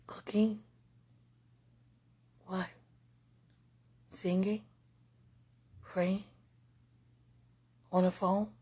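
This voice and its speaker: Speaking extremely slowly with long pauses, a woman with a medium-pitched, level, slightly rough voice chats casually and emotionally to a viewer. She rambles affectionately, talks often of God, and her soft voice drifts into near-whispers.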